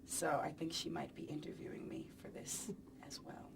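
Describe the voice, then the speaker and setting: Chatty woman, lowish voice, distant mic. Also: level tone, moderate pace, gravelly, background noise. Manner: chatty, playful and rambling, many "you know"s. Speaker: pop singer being interviewed. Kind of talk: casual press interview. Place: press event.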